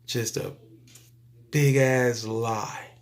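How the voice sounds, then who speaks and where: Slow, emphatic man preaching to camera. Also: mid-range voice, steady tone. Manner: emphatic, repetitive, drawn-out phrasing with sudden drops to soft. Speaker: YouTube speaker. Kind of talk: spiritual preaching monologue.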